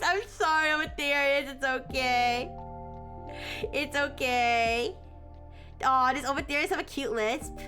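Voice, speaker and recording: A young woman streamer talks loosely with her chat, reacting to messages and breaking into giggles. Her voice sits high and sounds bright and lively. Faint music plays underneath. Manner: chatty, reads and answers chat, giggles often. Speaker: livestreamer. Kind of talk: casual livestream chat.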